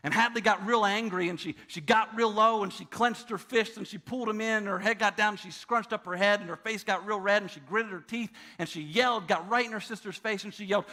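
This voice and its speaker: A man's voice: high voice, steady tone, quick pace, hardly any pauses, pushed and bright. A man in his thirties preaching a sermon as a pastor, telling a personal story in an earnest way. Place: church auditorium.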